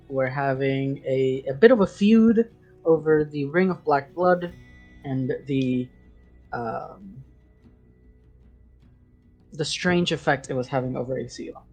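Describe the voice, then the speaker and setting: A man's voice: on the high side, slow pace, pauses often, a little mellow. Male GM, casual stop-start recap voice, faint background music. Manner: hesitant, filler-heavy recap. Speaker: game master. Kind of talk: recapping a tabletop game session.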